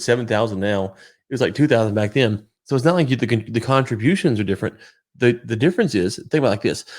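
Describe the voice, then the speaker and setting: A man co-hosting a podcast, talking casually in an animated, sarcastic, ranting way. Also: fairly low pitch. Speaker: podcast co-host. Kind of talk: casual political chat.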